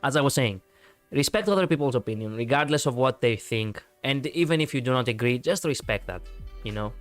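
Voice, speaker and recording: A man's voice: mid-range voice, animated, a little fast, soft background music. A man chatting casually on a live stream, rambling and reacting to viewers with many fillers.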